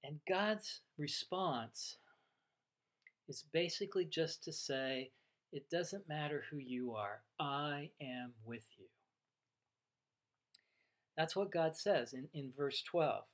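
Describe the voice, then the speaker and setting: A man preaching a sermon, teaching in an unhurried, reflective way and voicing the dialogue of the story he retells. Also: fairly high pitch, fairly bright tone. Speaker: pastor.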